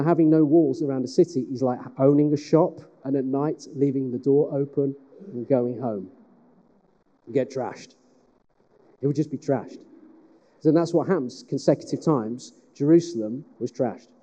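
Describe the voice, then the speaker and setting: Pastor preaching in a reverberant hall. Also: male voice, medium pitch, muffled recording. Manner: lively, joking asides to the congregation. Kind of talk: sermon. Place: large church hall.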